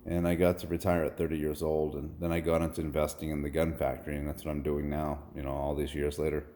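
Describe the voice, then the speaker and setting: Low, dark-toned man in his forties, earnest and rambling, preaches when quoting scripture. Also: monotone, fast talker, slight background noise. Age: 40s. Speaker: vlogger. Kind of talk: personal storytelling monologue.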